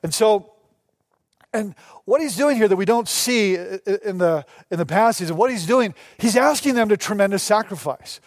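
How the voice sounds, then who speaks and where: Male pastor, sermon delivery, fairly high voice, close dry sound, acts out the lines he quotes. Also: normal speed, no room sound. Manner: animated, acts out quoted dialogue.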